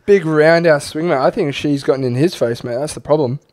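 A man's voice: fairly high pitch, lively intonation, moderate pace, a little mellow, no echo. A man co-hosting a casual podcast, swearing freely and reading listener stories aloud. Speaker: podcast co-host.

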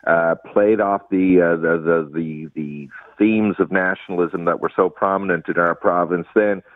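A man's voice: low voice, fairly even intonation, moderate pace, no room sound. A man from Newfoundland, jovial and bantering, giving political commentary on a radio panel. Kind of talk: radio panel discussion by phone. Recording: tinny phone line.

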